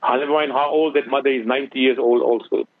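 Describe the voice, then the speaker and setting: A man's voice: mid-range voice, steady tone, fast talker, no room sound. Earnest man preaching over a phone line. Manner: earnest, preaching, mixes Urdu phrases. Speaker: guest Islamic scholar. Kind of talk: radio talk show advice.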